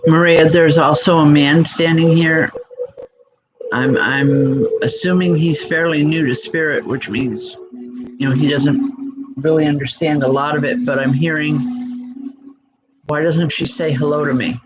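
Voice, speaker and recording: A woman working as a spiritual medium, giving a live-streamed psychic reading in a reassuring, halting way with frequent ums. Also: sits low, fairly even intonation. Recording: loud background noise.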